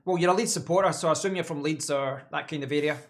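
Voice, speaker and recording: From behind his home office desk, a man runs a relaxed live stream, speaking quickly in a higher-pitched voice. He responds to chat in a meandering fashion and repeats words while thinking.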